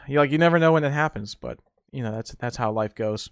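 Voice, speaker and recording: A man's voice: medium pitch, a little fast, clean tone, no echo, studio quality. A young man hosting a casual solo podcast, telling rambling stories with laughter and restarts. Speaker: podcast host.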